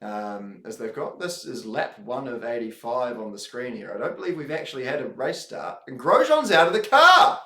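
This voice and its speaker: Dry, teasing race commentator. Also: male voice, mid-range voice, animated, normal speed, few pauses. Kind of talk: casual live race commentary. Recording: roomy streaming setup.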